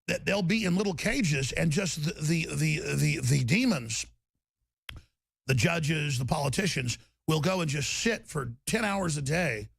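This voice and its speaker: Brief: high-voiced gravelly male radio host, heated, stammering, erupts into yelling, dry mic. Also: dry recording. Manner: intense, stammering, bursts into shouting. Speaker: radio talk show host.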